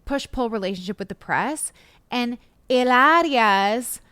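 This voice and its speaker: A woman co-hosting a gossip podcast, talking in a loose, animated way full of "like"s. Her voice is fairly high and smooth. The recording is close and dry. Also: unhurried, dry recording. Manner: chatty, animated, says "like" often. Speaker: podcast co-host. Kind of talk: casual celebrity gossip chat.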